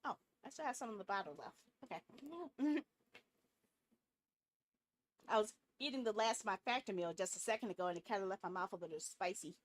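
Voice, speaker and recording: A young woman streaming a game, chatting casually in quick, giggly asides. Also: medium pitch, expressive. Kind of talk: casual chat while playing a game.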